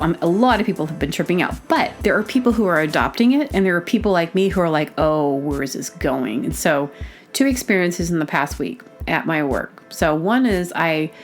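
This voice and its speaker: A woman from Arkansas hosting a podcast, talking in a chatty, rambling way with frequent laughs. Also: lowish voice. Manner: chatty, digressive, laughs often. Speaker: podcast host; baker. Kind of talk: casual rambling monologue.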